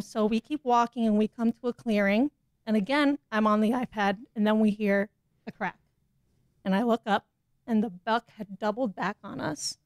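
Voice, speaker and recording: A woman tells a story from her fieldwork on a podcast, animated and quick to laugh. Her voice sits a little high. The sound is dry and close, with no room echo. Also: clear, resonant tone. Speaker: guest. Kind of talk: casual storytelling.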